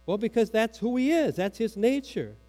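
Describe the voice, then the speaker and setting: A man's voice: sits high, animated, moderate pace, darkish tone. A man preaching a sermon, asking questions and quoting from the catechism, his voice dropping for emphasis. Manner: teaching with questions, quoting catechism aloud, dramatic drops. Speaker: pastor.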